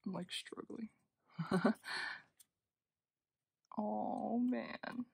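A young woman gushes her way through an unboxing, gasping and dropping into half-whispers. Her voice is slow, with a gravelly, husky edge, and it sounds close and dry. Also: mid-range voice, steady tone, no room sound. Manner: gushing, frequent gasps and soft half-whispers. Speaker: unboxing vlogger. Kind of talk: casual unboxing commentary.

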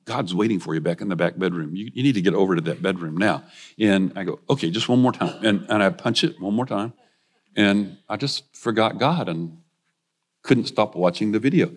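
Older man preaching, low voice. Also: a little fast. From United States. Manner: earnest, confessional personal storytelling. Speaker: guest preacher. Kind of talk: sermon storytelling. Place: church.

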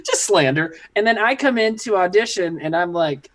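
A man's voice: high-pitched, lively intonation, normal speed, a bit bright. A man co-hosting a casual comedy podcast, rambling through memories and laughing at himself. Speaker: comedy troupe member, podcast co-host. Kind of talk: casual chat.

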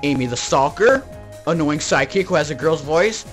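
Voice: mid-range voice, expressive, normal speed, soft background music. A YouTuber from Texas hosting a jokey, rambling comedic toy review with plush skits. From Texas, United States.

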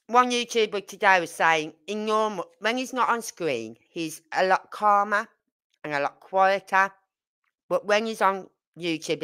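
Brummie lady in her 50s chatting on a live stream, lowish voice but bright and forceful, acts out all the back and forth. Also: smooth. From Birmingham, England. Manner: animated storyteller acting out dialogue. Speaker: livestream host. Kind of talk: casual live chat.

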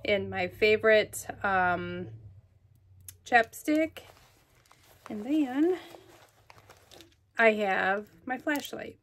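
Out of breath and speaking very slowly with frequent pauses, a woman vlogger gushes over her things in a chatty at-home show-and-tell, filling her talk with fillers. Her voice sits mid-range and is a bit bright.

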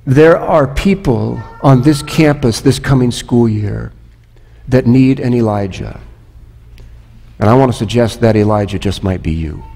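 A man's voice: mid-range voice, a little slow, vocal fry, warm tone, faint music behind. Man preaching in a reverberant church. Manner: conversational preaching with rhetorical questions. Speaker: pastor. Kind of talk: sermon. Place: church sanctuary.

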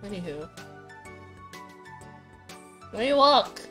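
A woman's voice: medium pitch, big pitch swings, very slow, sharp tone. A young woman streaming a game, joking to herself and reading dialogue aloud. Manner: playful, joking asides to herself. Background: faint game music.

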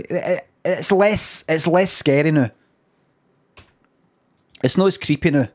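A Scottish man streaming, making dry, mumbling asides as he browses photos. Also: a little high. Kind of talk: casual commentary while browsing photos.

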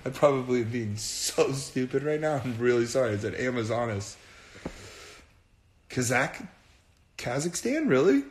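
A man's voice: mid-range voice, steady tone, normal speed, long pauses, slight background noise. Man with a mid-range voice, earnest and rambling, on a phone livestream in an echoey room. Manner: earnest, rambling, repeats himself. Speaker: band frontman on a livestream. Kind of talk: casual livestream chat.

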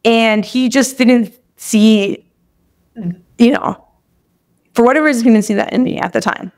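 A young woman with a slightly high, somewhat mellow voice speaks at a moderate pace. On a podcast, she shares a personal story in a frank, emotional way, tearful in places and heavy on "like."

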